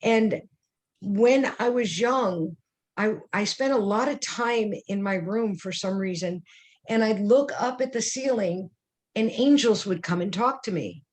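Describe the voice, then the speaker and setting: A woman's voice: medium pitch, unhurried, darkish tone. Woman in her sixties telling stories. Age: 60s. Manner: earnest, vivid storytelling with frequent fillers. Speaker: guest psychic medium. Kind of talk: personal storytelling in conversation.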